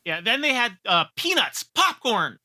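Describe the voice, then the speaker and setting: A woman's voice: on the high side, very animated, normal speed, pushed and bright. A woman co-hosting a podcast in casual, joking chat, rambling with restarts.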